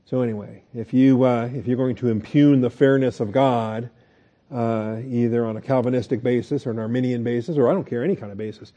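A man's voice: mid-range voice, mellow, highs cut off. A man teaching a Bible study lecture in a conversational way, asking the class questions and restarting his sentences.

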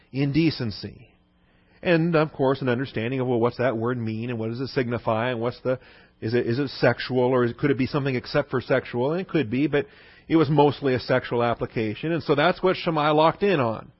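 A man's voice: medium pitch, brisk, no echo, muffled recording. Man teaching a Bible lesson. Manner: conversational, animated, often asks "okay?". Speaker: pastor.

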